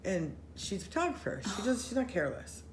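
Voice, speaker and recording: A woman telling a story in casual chat with friends, animated, running her sentences together and acting out what people said. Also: mid-range voice, fast. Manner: animated, acts out quoted voices, run-on sentences. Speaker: storyteller recounting a paranormal experience. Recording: roomy echo with faint noise.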